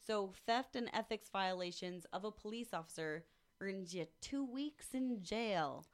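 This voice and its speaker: A woman's voice: medium pitch, a little slow. A woman co-hosting a casual podcast in a studio, reading out a news story with swearing and jokes. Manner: animated, swears freely, reads news aloud with jokes. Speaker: news segment co-host.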